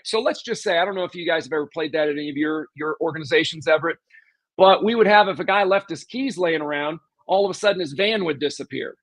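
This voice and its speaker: A man's voice: high voice, fairly bright tone, no echo. A man from southwest Missouri, a podcast guest, emphatically explaining sales scripts with examples and questions to the host. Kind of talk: casual interview talk.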